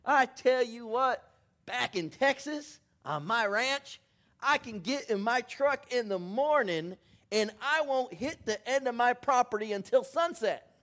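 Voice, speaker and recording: A man's voice: very high-pitched, expressive, unhurried, a bit bright, voice pushed up, full character voice. A man putting on a big boastful Texas rancher.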